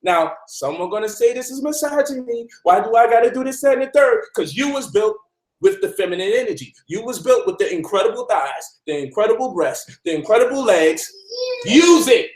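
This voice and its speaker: Man, high voice, emphatic preachy host, echoey room. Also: lively intonation, a little fast. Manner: preachy, emphatic, addresses listeners directly. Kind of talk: animated teaching talk.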